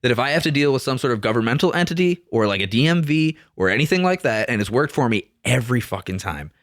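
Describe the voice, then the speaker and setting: A man with a mid-pitched voice tells stories on a podcast, swearing freely and acting out the people he quotes. His voice sits close to the mic in a dry, dead room. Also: fast talker, no echo. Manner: profane, animated storyteller. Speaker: podcast co-host. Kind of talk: casual chat.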